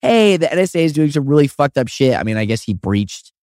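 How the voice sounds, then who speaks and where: A man's voice: fairly high pitch, sing-song, a little fast, a little mellow, no echo. Young man, podcast co-host, playful, self-mocking, dry sound. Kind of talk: casual chat.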